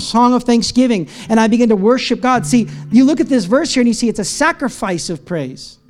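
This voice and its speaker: A man preaching a sermon as pastor, moving between a low teaching tone and high, impassioned cries. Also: darkish tone. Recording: faint guitar music behind.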